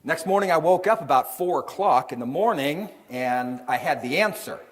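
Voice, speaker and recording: Man, middle-aged, fairly high voice, lively storyteller, speaking to an audience. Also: moderate pace. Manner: animated storyteller acting out quoted voices. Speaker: author and seminar speaker. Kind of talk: storytelling talk to a live audience. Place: event hall with an audience.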